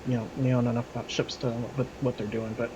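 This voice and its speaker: A man's voice: medium pitch, flat delivery, racing, dull audio, noisy background. A man narrating a tabletop game as its game master, in a loose, hesitant way with many fillers.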